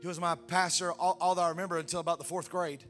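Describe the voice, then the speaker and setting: A man preaching in a church with a high, bright, forceful voice. He swings from fervent shouted peaks down to quiet, tender asides. Soft music plays underneath. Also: little pitch movement, quick pace. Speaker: pastor. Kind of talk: sermon. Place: church sanctuary.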